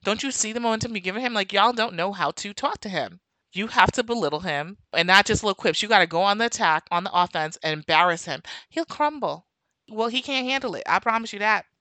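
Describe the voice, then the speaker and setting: A woman's voice: medium pitch, lively intonation, brisk, bright, forceful tone, no room sound. A woman with a New York accent hosting a podcast, talking animatedly in a casual monologue, going off on tangents and laughing often. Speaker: podcast host.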